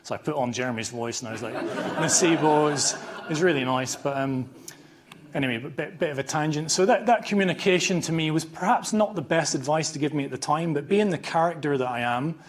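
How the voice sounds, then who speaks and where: A man's voice: fairly high pitch, quick pace. A man with a scratchy voice and a Northern Irish accent, giving an informal, self-deprecating conference lecture in a hall, restarting his sentences often. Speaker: conference speaker, chiropractor.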